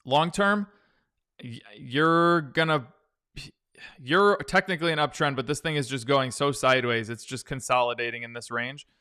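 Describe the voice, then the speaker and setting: In a laid-back live stream about stock charts, a male host chats through viewer questions and keeps restarting his sentences. His voice is medium-pitched and moderately paced, pushed and bright, with a clear, resonant tone.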